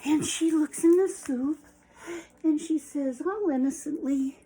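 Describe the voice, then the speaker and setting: A woman reading a picture book aloud to children, animated and expressive. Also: high voice, measured pace, rough recording.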